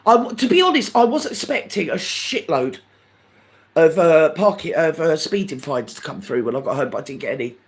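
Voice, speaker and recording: Older guy gossiping on a livestream, camp, darling this darling that, voice up high and bouncing all over. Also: fairly quick. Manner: lively and animated, swinging up and down. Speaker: livestream host. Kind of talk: casual chat with live viewers.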